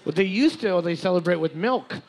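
A man's voice: sits high, lively intonation, a little fast, darkish tone. A man co-hosting a bar trivia night, calling out team numbers and trading crude jokes. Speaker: trivia co-host reading answers and scores.

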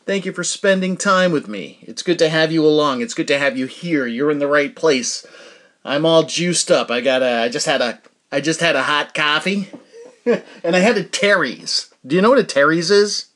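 Chatty, rambling man with a higher voice. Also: expressive, normal speed, fairly bright tone. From New Hampshire. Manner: rambling, chatty, self-interrupting with fillers. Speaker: podcast host. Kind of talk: casual solo podcast chat.

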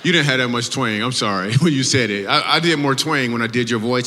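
A man's voice: medium pitch, quick pace, few pauses, bright, forceful tone. A man doing live stand-up comedy, teasing audience members and laughing between jokes. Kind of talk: live stand-up crowd work. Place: live show venue. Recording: reverberant live venue with faint ambience.

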